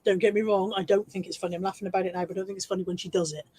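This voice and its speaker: A woman's voice: mid-range voice, little pitch movement, very fast, warm tone, breathy edge, no echo, rough recording. A woman chatting casually on her regular live stream, laughing often and joking at her own expense.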